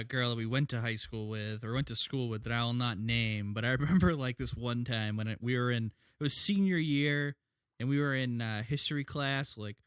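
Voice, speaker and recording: A man's voice: mid-range voice, fairly bright tone, clear, resonant tone, no echo, studio quality. A man co-hosting a podcast, telling an anecdote animatedly and laughing often. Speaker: podcast co-host. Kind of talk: casual chat.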